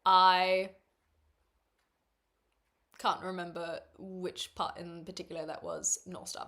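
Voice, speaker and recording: A woman's voice: on the low side, very animated, slow pace, long pauses, pushed and bright. A woman from New Zealand with a New Zealand accent, casually chatting on a livestream and answering her chat, meandering with dry sarcasm. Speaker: streamer.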